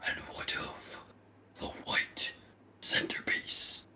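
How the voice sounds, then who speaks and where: A man voicing a sinister shadowy male master who speaks only in a breathy whisper. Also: takes it slowly, sharp tone. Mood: menacing.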